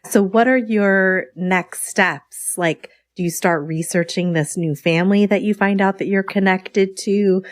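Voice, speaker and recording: A woman podcast host asking gentle, probing questions. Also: mid-range voice, fairly even intonation, measured pace, few pauses, dry recording, studio quality. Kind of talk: interview questions.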